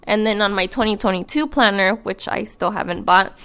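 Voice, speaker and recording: A woman co-hosting a relaxed podcast, mid-pitched and quiet. She feels her way through her thoughts with pauses, fillers and restarts. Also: smooth. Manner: soft-spoken, hesitant with many ums. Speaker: podcast co-host. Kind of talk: casual chat.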